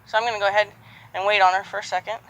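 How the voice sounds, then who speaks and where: A horse trainer working a horse outdoors, speaking calmly and giving repeated soft praise while explaining each step. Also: medium pitch, very fast, low-quality recording. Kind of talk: live training commentary.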